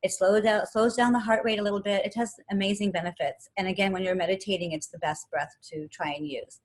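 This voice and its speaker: A woman teaching yoga and meditation, calmly guiding a breathing exercise step by step and counting the breaths aloud. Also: medium pitch, quick pace. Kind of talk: guided breathing instruction.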